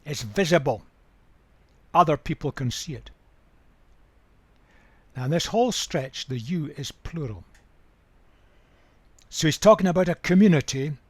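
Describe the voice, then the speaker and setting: An older man giving a Bible study talk, measured and emphatic, repeating key words for weight. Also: on the high side, expressive, breathy edge, dry recording. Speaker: Bible teacher.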